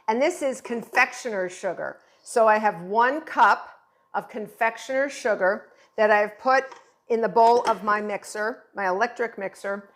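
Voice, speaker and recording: A middle-aged woman teaching a baking recipe in her kitchen, chatty and gushing with enthusiasm as she explains each step. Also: fairly high pitch. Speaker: baking instructor. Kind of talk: home baking tutorial.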